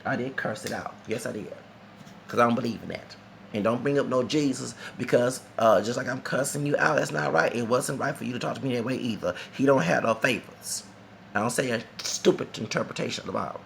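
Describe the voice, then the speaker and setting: A man's voice: mid-range voice, fairly quick, creaky, fairly bright tone, slight background noise. A man reviewing a concert in a vlog, talking in a heated, rambling and profane way. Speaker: vlogger.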